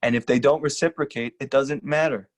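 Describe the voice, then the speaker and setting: A rabbi giving an earnest, emphatic lecture and repeating short lines for stress. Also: male voice, mid-range voice, steady tone, fairly quick. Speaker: rabbi teaching a class. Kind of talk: earnest sermon-style lecture.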